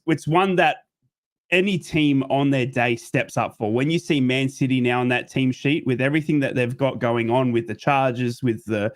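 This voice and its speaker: Man panelist, mid-pitched, hesitant, chatty football talk over a call. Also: no room sound, studio quality. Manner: hesitant, many fillers and restarts. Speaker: podcast panelist. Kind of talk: casual football chat.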